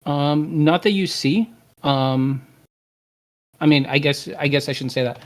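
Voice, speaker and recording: A man's voice: a little high, unhurried. A man narrating as game master, hesitant and full of filler words.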